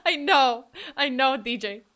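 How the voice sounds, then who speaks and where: A woman's voice: high voice, lively intonation, unhurried, fairly bright tone. A woman streamer chatting casually with her viewers, playful and mock-dramatic, often laughing. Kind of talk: casual livestream chat.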